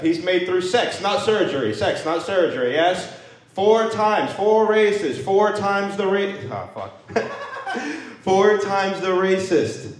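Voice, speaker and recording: A man's voice: high-pitched, big pitch swings, slow, echoey room. A male stand-up comedian doing a loose, self-mocking set, laughing at his own jokes.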